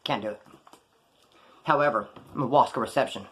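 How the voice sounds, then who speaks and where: A middle-aged man telling stories casually in street slang, animated, acting out the voices of people he quotes. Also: medium pitch, fairly quick, husky. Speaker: storyteller. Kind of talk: casual storytelling.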